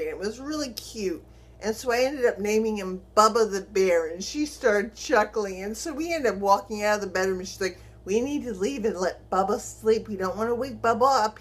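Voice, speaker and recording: A middle-aged woman speaks to her camera as a vlogger, telling a story from her own life. Her pitch sits in an ordinary middle range. She talks with energy and voices the people in her story as she goes. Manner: animated, acts out quoted dialogue, chuckles while telling.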